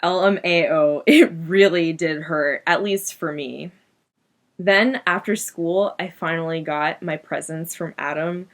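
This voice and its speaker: A woman's voice: low voice, measured pace. A woman voicing a melodramatic eighth-grade goth girl who narrates her diary in a giggly, overdramatic way, full of "like". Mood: giggly gossip. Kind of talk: comic teen diary monologue.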